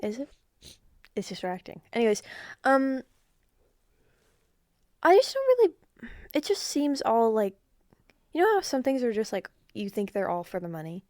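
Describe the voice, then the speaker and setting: A woman's voice: a little high, big pitch swings, normal speed, long pauses, darkish tone, no room sound, clean studio sound. Blunt, teasing teenage girl. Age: teens. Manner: blunt, teasing, easily distracted. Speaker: guest, host's daughter. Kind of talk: casual chat.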